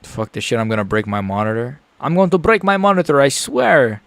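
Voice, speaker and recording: A young man reacting live to a fight he is watching, frustrated and ranting, dropping to mutters and rising to yells. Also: medium pitch, fairly quick, dry recording. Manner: frustrated, swings between muttering and yelling.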